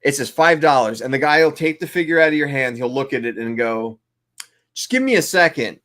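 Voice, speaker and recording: A man's voice: medium pitch, fast talker, fairly bright tone. A man co-hosting a casual chat, ranting and swearing freely. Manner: profane, ranting. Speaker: co-host.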